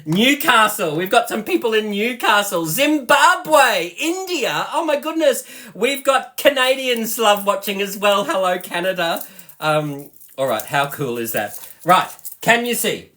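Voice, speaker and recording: An Australian man hosting a live cooking demonstration, chatty and excitable, often giggling as he talks to viewers. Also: high-pitched, measured pace. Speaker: host, product seller.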